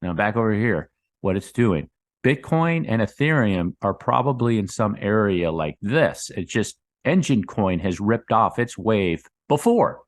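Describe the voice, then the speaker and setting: A man giving casual commentary on crypto charts, rambling and calling his viewers "guys," with his voice dropping low on those asides. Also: lively intonation, a little slow. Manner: rambling, addresses viewers as guys, drops low on tag words. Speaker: crypto market analyst.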